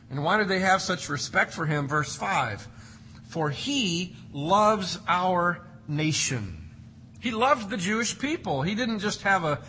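A man's voice: high-pitched, bright, forceful tone, slight background noise, poor audio. A man preaching an expository sermon, reading scripture and explaining it with emphatic, varied delivery. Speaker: pastor.

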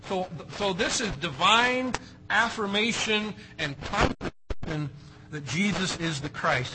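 A male pastor preaching a sermon, swinging between loud emphatic phrases and quiet asides. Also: high voice, background noise.

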